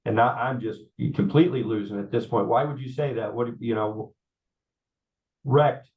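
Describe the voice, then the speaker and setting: A man, telling his life story in an interview, halting with many fillers and repeats. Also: mid-range voice, steady tone. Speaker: guest. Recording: slightly dull audio.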